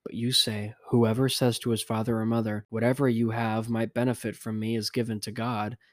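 A man reading the words of Jesus as a grave teacher, in a measured, even scripture-reading voice. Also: lowish voice, no room sound, studio quality, lightly acted. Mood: solemn.

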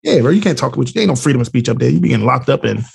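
A man co-hosting a podcast in casual chat, talking fast and loose with lots of slang and playful trash talk. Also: mid-range voice, expressive, vocal fry, darkish tone, slightly rough. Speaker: podcast co-host.

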